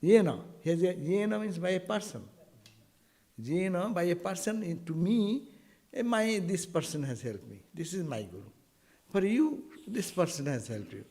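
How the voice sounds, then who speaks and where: A man giving an informal spiritual talk to devotees, animated and full of rhetorical asides. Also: high-pitched, moderate pace. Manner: animated, rhetorical asides, quotes Sanskrit verses.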